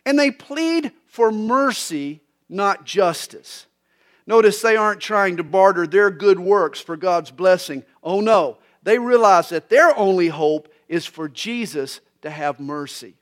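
Pastor, male, high-pitched, folksy joke-telling radio preacher. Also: measured pace. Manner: folksy storytelling, animated preaching. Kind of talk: radio sermon with jokes.

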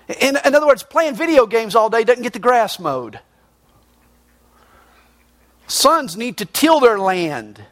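High-voiced man preaching a folksy sermon. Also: big pitch swings, unhurried, long pauses, a bit bright, dry recording. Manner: folksy, reads scripture then explains it.

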